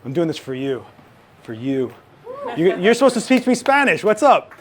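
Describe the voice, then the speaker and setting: High-voiced man teaching a live demo. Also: big pitch swings. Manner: chatty, joking, rapid asides. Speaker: photography instructor. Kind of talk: live lighting workshop demo.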